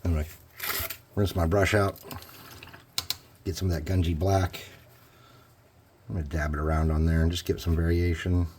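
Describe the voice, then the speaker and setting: A man's voice: low-pitched, little pitch movement, moderate pace, long pauses, darkish tone, slight background noise. A man talking casually through a painting tutorial, thinking aloud as he works. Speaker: hobby crafter.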